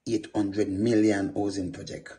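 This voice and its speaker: Man, lowish voice, rambling casual commentary. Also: flat delivery, measured pace, warm tone. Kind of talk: casual commentary over a news article.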